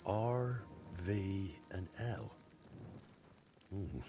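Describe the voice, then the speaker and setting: Game hero, very deep voice, thoughtful, unhurried. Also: male voice, animated, over music, exaggerated voice. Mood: pondering. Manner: slow, thoughtful, musing. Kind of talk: video game voice acting.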